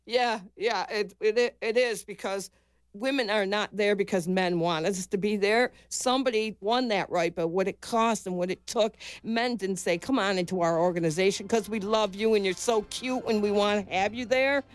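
An older woman from the United States, a former amateur boxer being interviewed, telling her story in an earnest, halting way and repeating herself when moved. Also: mid-range voice, clean tone, dry recording. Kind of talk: emotional personal recollection.

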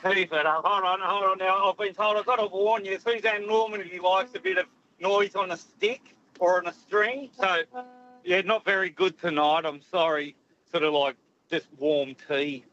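A man's voice: high-pitched, fairly even intonation, moderate pace, sharp tone, a little hiss or hum. A man calling in to a radio show, chatting in a rambling, good-humoured way from a truck over a phone line. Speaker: caller. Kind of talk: casual call-in chat.

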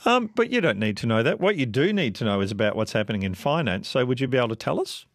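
A man hosting live radio, relaxed and joking as he muses aloud. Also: mid-range voice, fast talker, dry recording, clean studio sound. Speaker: radio host.

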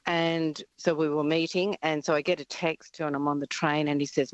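A woman's voice: low-pitched, normal speed, few pauses, dry recording. Australian woman telling a story by phone. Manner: lively anecdotal, laughs often. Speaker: caller. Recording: muffled phone line.

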